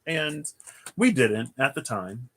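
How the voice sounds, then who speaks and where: A man giving a casual livestream tarot reading, thinking aloud in a rambling way with restarts and soft chuckles. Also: medium pitch, animated, takes it slowly, a little hiss or hum. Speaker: tarot reader.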